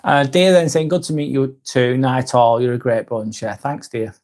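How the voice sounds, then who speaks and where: A man's voice: mid-range voice, steady tone, moderate pace, darkish tone. A young man with a Northern English accent, hosting a casual live stream, joking and swearing lightly as he reads viewer comments aloud, tired late at night. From north of England.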